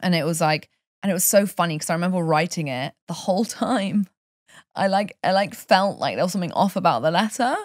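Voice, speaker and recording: A European woman who works as a life coach chats casually on a podcast, telling stories with passion and animation. Her voice is lowish and her pace brisk, recorded at studio quality with no room sound.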